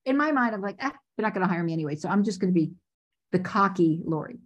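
A woman casting director telling stories in a podcast interview, lively and acting out the voices of people she quotes. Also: medium pitch, fast talker, dull audio. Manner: animated, acts out quoted voices.

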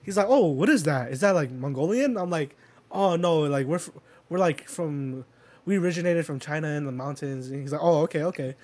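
Brisk and slightly high, this young man's voice carries a darkish tone. Chatting casually, he tells a sprawling story thick with fillers and curses, chuckling as it unfolds.

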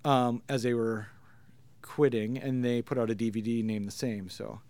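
A man's voice: mid-range voice, level tone, normal speed, a little mellow, no room sound. A man in his thirties co-hosting a casual comic book podcast, chatting as an enthusiastic fan. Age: 30s. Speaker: podcast co-host.

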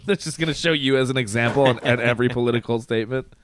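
A man hosting a podcast, telling stories in a casual, animated way and laughing quickly. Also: medium pitch, a little hiss or hum. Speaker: podcast host. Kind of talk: casual comedic chat. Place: podcast studio.

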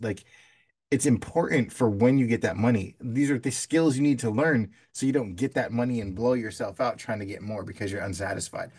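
Laid-back man explaining with analogies. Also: medium pitch. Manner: talks in long analogies, loose and conversational. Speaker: podcast co-host. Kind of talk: casual podcast chat.

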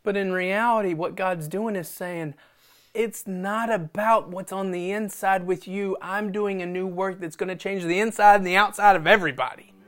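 A man preaching a sermon, animated and self-deprecating, acting out conversations between God and Moses. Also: high voice, moderate pace. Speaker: pastor.

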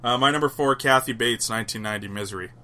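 A man's voice: mid-range voice, quick pace, sharp tone. A man co-hosting a podcast, chatting casually and rambling about movies, swearing now and then. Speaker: podcast co-host. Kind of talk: casual chat.

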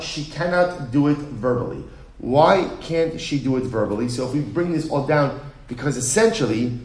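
A man teaching a Talmud class, often asking a question and then answering it himself. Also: on the high side. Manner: animated, asks and answers his own questions. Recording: echoey room.

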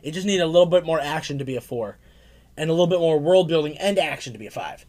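A man's voice: on the high side, animated, fast, darkish tone. A young man co-hosting a casual comic book review chat, rambling with lots of fillers and laughs. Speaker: comic book podcast co-host.

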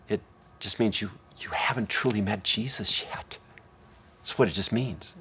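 A man preaching a sermon as pastor, swinging between hushed, intimate lines and loud, emphatic ones. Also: fairly low pitch, fairly even intonation, normal speed, vocal fry, breathy edge.

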